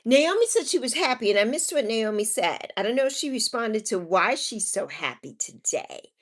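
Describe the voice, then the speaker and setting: Here a woman speaks at a moderate pace in a slightly high, sing-song voice. As a live stream host casually going through viewer comments, she's tender and caring, using endearing names and softly saying her good wishes more than once.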